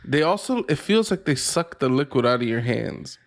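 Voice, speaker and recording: A man's voice: mid-range voice, big pitch swings, moderate pace. A man co-hosting a podcast, joking around in casual banter and swearing freely. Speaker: podcast co-host.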